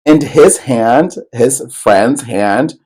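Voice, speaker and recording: A man's voice: medium pitch, very slow, darkish tone, husky, poor audio. A man co-hosting a podcast, telling a personal story in loose, rambling casual chat, full of fillers and swearing. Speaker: podcast co-host.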